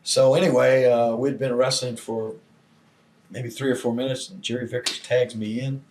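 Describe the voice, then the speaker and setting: An older man, guest in a long interview, telling old stories with lively acted-out quotes. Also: mid-range voice, normal speed, slight background noise. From Southern United States. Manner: animated storyteller acting out quoted voices. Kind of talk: storytelling shoot interview.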